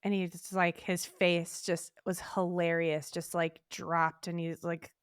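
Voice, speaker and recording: A young adult woman co-hosting a podcast, telling a casual story with lively acted-out quotes and casual swearing. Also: fairly low pitch, unhurried, smooth, dry recording, studio quality. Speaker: podcast co-host.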